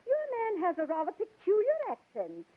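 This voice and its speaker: A genteel stammery society dame, high and sing-song, old radio sound. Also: female voice, huge pitch swings, moderate pace, narrow, tinny audio, full character voice. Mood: prim. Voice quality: genteel, hesitant. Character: refined society lady guest. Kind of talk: 1940s radio sitcom acting. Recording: hissy old radio broadcast.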